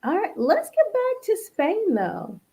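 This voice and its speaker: A woman hosting a casual interview, reading out viewer questions and lively when she acts out what people told her. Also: very high voice, slow pace. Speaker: host.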